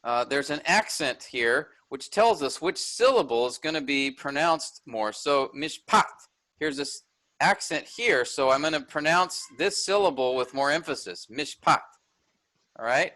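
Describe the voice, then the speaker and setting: A man leads a workshop lecture with a fairly high, bright voice. He explains step by step, often asking his listeners if they follow. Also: expressive, moderate pace, poor audio. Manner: explanatory, checks in with listeners, frequent fillers. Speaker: teacher. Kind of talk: online workshop lecture on Hebrew text.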